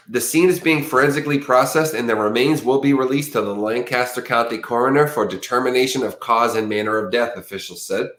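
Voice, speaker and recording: A man's voice: medium pitch, a little fast, fairly bright tone. Casual male livestream host with a mid-range voice, rambling delivery, echoey room. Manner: rambling, stumbles over words. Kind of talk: casual livestream chat and news reading.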